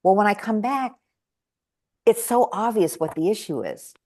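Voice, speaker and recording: A woman guest telling stories in conversation, animatedly acting out the voices of the people she quotes. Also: moderate pace. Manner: animated, acts out quoted voices with big jumps in pitch. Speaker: guest speaker and trainer. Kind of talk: conversational storytelling.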